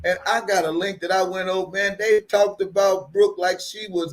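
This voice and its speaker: Man, livestream host, casual rant, profane, mocking, laughing, slightly high voice. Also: steady tone, moderate pace, few pauses.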